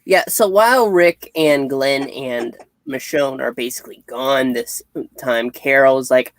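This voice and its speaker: Woman, comic review co-host, low voice, slow unhurried talk, casual and hesitant. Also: no echo. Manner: hesitant, retells scenes with quoted voices. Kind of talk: casual chat.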